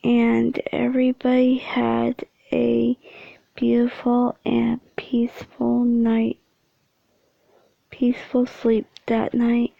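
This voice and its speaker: A woman reading a fan story aloud in a halting way, often whispering and correcting herself. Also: on the high side, monotone, gravelly, no echo, muffled recording. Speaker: amateur story reader.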